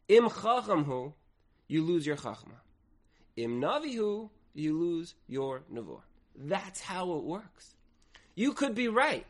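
A man teaches a Torah lesson in a fairly high voice. He tells the story with drama, acting out the quoted lines, and his volume rises and falls as he goes. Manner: dramatic storyteller, acts out quoted speech with swings in loudness.

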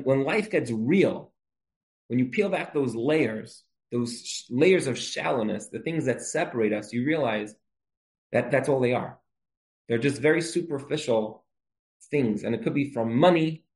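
Earnest man telling a moral story. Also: mid-range voice. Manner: earnest, animated storytelling with repeated rhetorical questions. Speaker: speaker giving a moral talk. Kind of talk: storytelling religious talk.

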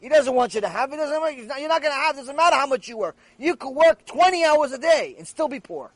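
A man's voice: very high-pitched, lively intonation, fast talker, no echo. A man teaching a Torah lecture, telling stories and asking rhetorical questions, repeating phrases for emphasis. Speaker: rabbi teaching a lecture series.

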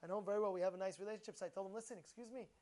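A man teaching a short Torah lesson, emphatic and animated, firing rhetorical questions and repeating himself. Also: high-pitched, racing. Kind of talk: informal Torah talk.

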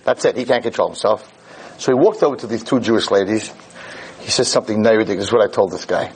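A man giving a Jewish lecture, telling a story in an animated, digressive way. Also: fairly low pitch, quick pace, husky, rough recording.

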